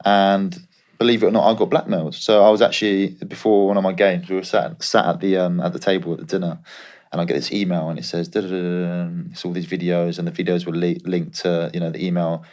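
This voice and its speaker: A man's voice: deep voice, level tone, fast, a little mellow. A young man, a former footballer, co-hosting a podcast and telling stories in a laid-back way. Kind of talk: casual podcast chat.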